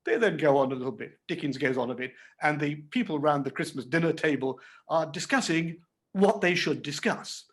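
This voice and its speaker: A man hosts a literary conversation, stepping out of a reading to comment. His voice sits fairly high and he sounds animated and amused. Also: normal speed. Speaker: host and reader.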